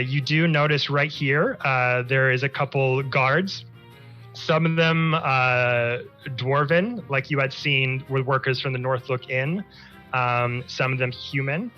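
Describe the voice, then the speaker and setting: A man narrating as game master of a tabletop game, describing scenes loosely with many fillers. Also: mid-range voice. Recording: dull lo-fi stream audio with faint music.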